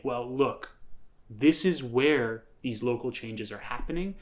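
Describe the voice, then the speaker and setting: A man's voice: medium pitch, slow pace. A man from upstate New York co-hosting a podcast in casual, emphatic conversation, with many fillers. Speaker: podcast co-host.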